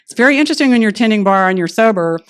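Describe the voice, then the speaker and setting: A woman's voice: medium pitch, very fast, clear, resonant tone. Woman telling her recovery story. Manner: lively storytelling, acts out quoted dialogue. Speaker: AA speaker. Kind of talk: personal recovery story at a meeting. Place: meeting room.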